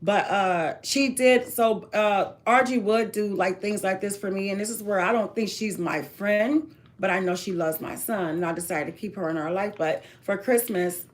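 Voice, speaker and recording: A woman's voice: medium pitch, normal speed. A woman talking to viewers in a casual chat, telling a long personal story in emphatic run-on sentences.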